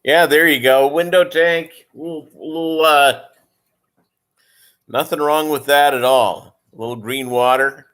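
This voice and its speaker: A man's voice: fairly high pitch, fairly even intonation, a little slow, a bit bright. A man who breeds fish, chatting casually and rambling on his live stream and calling viewers "gang".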